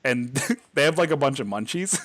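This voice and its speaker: A man's voice: mid-range voice, animated, normal speed, a bit bright, no echo. Rambling man telling a scary story. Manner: rambling, lots of "like", laughs while telling. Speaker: podcast host. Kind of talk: casual storytelling.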